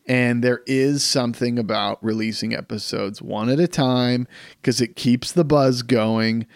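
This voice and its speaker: Gravelly-voiced man rambling on a podcast. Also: medium pitch, unhurried, dry recording, studio quality. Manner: rambling, animated storytelling with many restarts. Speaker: podcast co-host. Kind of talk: casual podcast chat.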